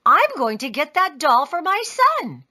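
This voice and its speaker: A woman voicing an enthusiastic male shopper in a storybook, bright and lively. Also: sits high, unhurried, pitched above the performer's own voice, heavily acted. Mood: pleased. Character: pleased male shopper, a dad.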